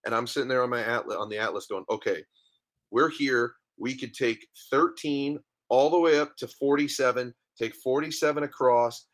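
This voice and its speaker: A man in his thirties talks as a podcast guest in an average-pitched voice. He rambles through stories, acting out the dialogue as he goes. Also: moderate pace, fairly bright tone. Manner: rambling storyteller, acts out dialogue. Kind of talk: casual interview chat.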